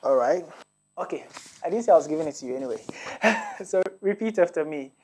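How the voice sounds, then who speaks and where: A woman's voice: deep voice, expressive, brisk, a little mellow, a little hiss or hum. A woman hosting a French lesson, patiently quizzing listeners and repeating words for them to copy. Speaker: French teacher. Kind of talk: language lesson.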